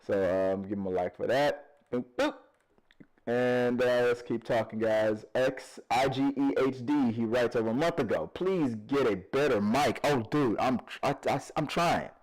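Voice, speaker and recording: A man's voice: medium pitch, moderate pace, few pauses, low-quality recording. A man hosting a casual vlog, reading viewer comments aloud with jokes, laughter and frequent stammered repeats. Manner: animated, laughing, jokey, self-deprecating.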